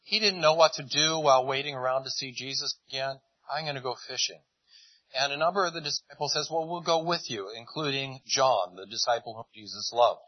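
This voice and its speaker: A man preaching a relaxed storytelling sermon, chatty and unhurried. His voice carries a slight husk. The recording is close and dry, with a dull, lo-fi tone. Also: mid-range voice, no echo. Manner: conversational storytelling, retelling scenes in lively voices. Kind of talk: sermon, retelling a Bible story.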